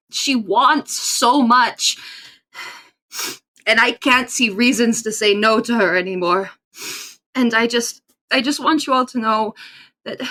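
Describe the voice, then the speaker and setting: A woman player role-playing her character in a tabletop game, emotional and halting. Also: a little high, pushed and bright.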